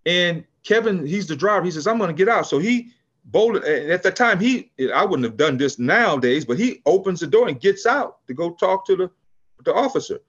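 An older man from California with a high-pitched voice tells a story in a relaxed interview. He is lively and restarts his sentences often, slipping into other people's voices as he goes. The sound is dull and lo-fi. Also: normal speed, slightly rough. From California, USA. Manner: animated storyteller, acts out quotes, frequent restarts. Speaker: podcast guest, business founder.

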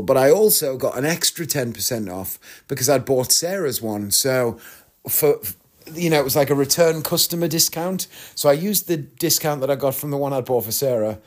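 A man's voice: medium pitch, darkish tone. Chatty man telling a story. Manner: chatty, rambling, laughs at his own stories. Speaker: podcast host. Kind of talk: casual storytelling monologue.

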